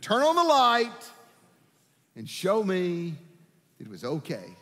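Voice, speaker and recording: Man, pastor, sermon, lively swooping delivery, fairly high voice, long church reverb. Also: slow pace. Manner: animated, acts out voices in his stories. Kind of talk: sermon with personal storytelling. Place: church sanctuary.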